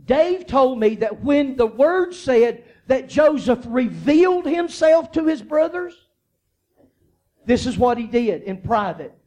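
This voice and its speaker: A pastor preaches slowly, swinging widely in pitch from quiet, low storytelling to loud, high-pitched shouts. He frequently repeats his phrases.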